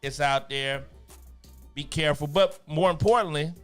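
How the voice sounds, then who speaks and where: A man's voice: a little high, normal speed, clear, resonant tone, faint music behind. A man co-hosting a podcast, opinionated and cursing freely in casual banter. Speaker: podcast co-host. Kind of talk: casual profane talk-show banter.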